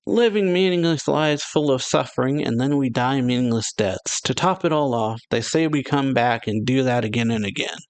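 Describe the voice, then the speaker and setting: A man's voice: medium pitch, normal speed, hardly any pauses, clean tone, no echo, natural voice. A man voicing a cocky, mocking young male vampire while reading a manga aloud. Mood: taunting.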